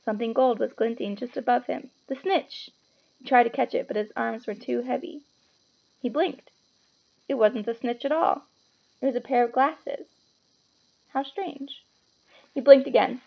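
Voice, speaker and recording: A woman reading a children's book aloud with expressive, dramatic storytelling. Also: on the high side, normal speed, vocal fry, pauses often, lo-fi sound. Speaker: storybook reader.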